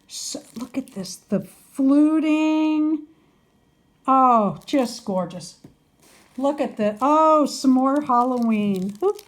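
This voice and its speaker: An older woman unboxing a parcel of doll items and gushing over each piece with delighted exclamations. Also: fairly high pitch. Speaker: doll collector vlogger. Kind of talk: unboxing video chat.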